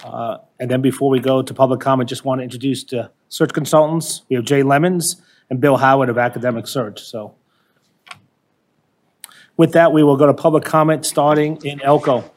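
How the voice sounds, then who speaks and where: A man running a formal board meeting, his voice at an ordinary middle pitch. He talks in a halting way with frequent fillers into a table microphone. Each agenda item is announced in a plain, procedural tone. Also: steady tone. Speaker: meeting chair.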